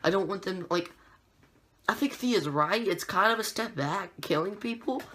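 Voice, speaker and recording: A woman giving a casual TV episode review, rambling, often restarting and correcting herself, excitable. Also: medium pitch, moderate pace, slight background noise. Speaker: TV show reviewer.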